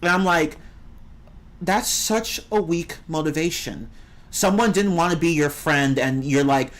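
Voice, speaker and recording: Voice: measured pace, background noise. A game streamer in casual live-stream chat, rambling and opinionated, answering the chat. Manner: rambling and opinionated, with swings in pitch.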